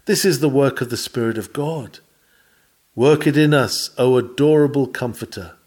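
Guy reading an old timey sermon out loud, earnest, leans hard on the questions, mid pitch. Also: normal speed, breathy edge. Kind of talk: reading an old-fashioned sermon text aloud.

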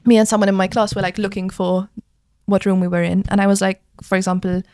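A young adult woman from Malta with a Maltese accent speaks fast in a warm, medium-pitched voice with little pitch movement, recorded at studio quality with no echo. A drama school student guesting on a podcast, she chats casually and explains at length, using lots of "like" fillers.

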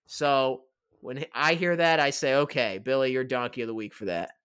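A man's voice: medium pitch, moderate pace, a bit bright, clear, resonant tone. A man hosting a casual podcast, telling stories in a playful, hyped way. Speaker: podcast host.

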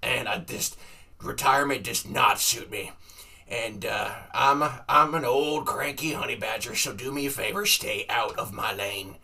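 Man doing a grumpy old honey badger, bright raspy voice, set back from the mic, gruff and threatening. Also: medium pitch, measured pace, distant mic, heavily acted. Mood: cranky. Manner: gruff, threatening, rambling with fillers. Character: cranky old male honey badger, retired driver.

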